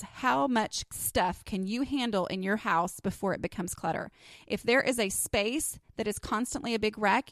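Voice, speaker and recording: A woman's voice: mid-range voice, dry recording, clean studio sound. A woman with a Texas accent hosting her own podcast, talking candidly and casually with frequent fillers. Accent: Texan. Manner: candid, chatty, with many fillers. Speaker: podcast host. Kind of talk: solo podcast talk.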